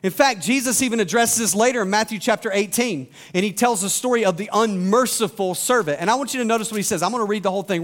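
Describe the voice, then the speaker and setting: A man with a notably high voice delivers a sermon. He reads scripture aloud and breaks it down for his listeners, asking rhetorical questions as he goes. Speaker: pastor.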